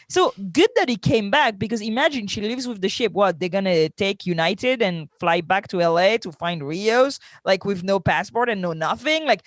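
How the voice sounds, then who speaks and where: A woman co-hosting a review podcast in relaxed, chatty talk. She laughs often and strings her thoughts together with "like". Her voice sits at a middle pitch and sounds dry and close. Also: moderate pace, hardly any pauses, no room sound. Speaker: podcast co-host. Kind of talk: casual review chat.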